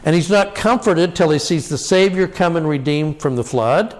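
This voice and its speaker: A man giving an informal scripture lesson. He talks in an animated way, chuckles often, stresses key words with rising cries, and thinks aloud with fillers. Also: on the high side, normal speed. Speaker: scripture teacher.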